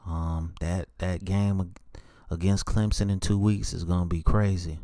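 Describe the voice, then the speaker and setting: A man hosting a solo sports podcast, speaking in a dejected monotone with many halting fillers. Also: sits low, dry recording. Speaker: podcast host.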